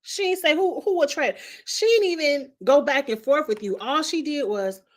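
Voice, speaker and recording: A woman's voice: high voice, normal speed. A woman recapping a reality TV show in a casual vlog, chatty and slangy, cursing freely and talking straight to her viewers. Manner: animated, talks straight to viewers. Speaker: reality TV reviewer.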